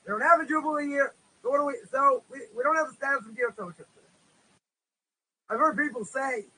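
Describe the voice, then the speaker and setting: A rabbi in Israel leads a religious course as an informal lecture, loose and full of "you know" fillers, narrating stories and performing their voices. His voice is very high, brisk, pushed and bright, and the recording is rough.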